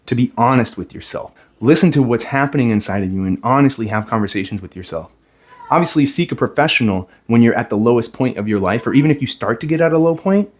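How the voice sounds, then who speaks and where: A young man talks straight to his viewers in an earnest, plain-spoken way. His voice sits at an ordinary middle pitch, and he sounds reflective and sincere as he shares his own experience as a stay-at-home dad. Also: a little mellow, breathy edge. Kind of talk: personal talk to camera.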